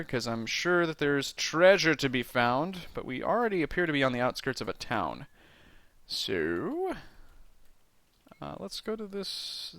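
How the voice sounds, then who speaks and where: A man's voice: on the high side, fairly bright tone, no room sound. A man casually commenting on a computer game while reading its text aloud, joking and sometimes stumbling over words. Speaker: let's play host.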